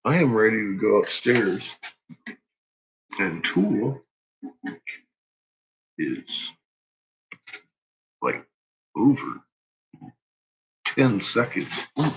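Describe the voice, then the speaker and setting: A man's voice: fairly low pitch, big pitch swings, very slow, pauses often. A man vlogging casually at home in his kitchen, rambling, joking and talking to his pets. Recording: dull, noisy home recording.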